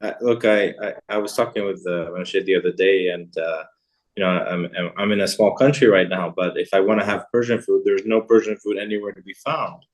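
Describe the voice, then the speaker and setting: A man's voice: low-pitched, steady tone, a little fast. A middle-aged man, a guest in a casual interview, talking in a rambling way with many fillers and restarts.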